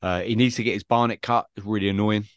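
Low-voiced man telling football stories. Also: fairly even intonation, fast, clean tone, no echo. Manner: rambling anecdotal storytelling. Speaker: podcast co-host. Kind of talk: casual football fan chat.

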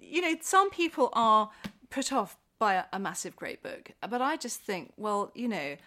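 A woman's voice: medium pitch, normal speed. A middle-aged woman, an author, chatting casually and telling stories with frequent laughs and restarts. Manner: animated storyteller, laughs often, many restarts. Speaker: author guest. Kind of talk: casual chat.

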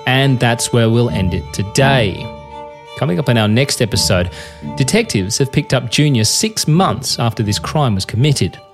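Male podcast narrator over soft guitar. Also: mid-range voice, lively intonation, moderate pace. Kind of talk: scripted narration. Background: soft guitar music.

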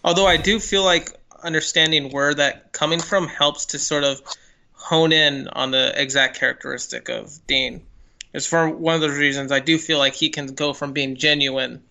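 A man with a somewhat high, very bright voice and a gravelly edge. He co-hosts a casual film podcast, stumbling over his openings before laying out a measured analysis. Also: steady tone. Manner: stammering restarts, measured analysis. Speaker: podcast co-host.

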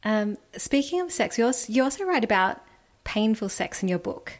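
A woman hosting a podcast, interviewing a guest with gentle, supportive questions. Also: on the high side, big pitch swings, normal speed. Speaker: podcast host.

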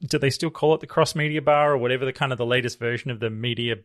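A man's voice: medium pitch, steady tone, rapid-fire, a bit bright. A man co-hosting a casual podcast chat, rambling and hedging with "sort of" and "you know". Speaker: podcast co-host.

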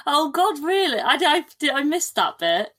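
A woman guest on a podcast, chatting casually in a lively, animated way with frequent restarts. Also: high-pitched, a little slow. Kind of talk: casual chat.

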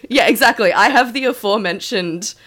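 A woman co-hosting a casual podcast, very loud and excitable, breaking into shrieking laughter and swearing freely. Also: a little high, a little fast. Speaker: podcast co-host. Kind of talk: casual chat.

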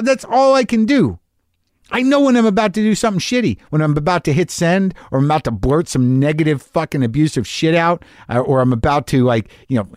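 A man's voice: a little high, dry recording, clean studio sound. Rambling, profane man in his fifties. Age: 50s. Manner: rambling, self-deprecating, profane. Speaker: podcast host. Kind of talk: candid solo monologue.

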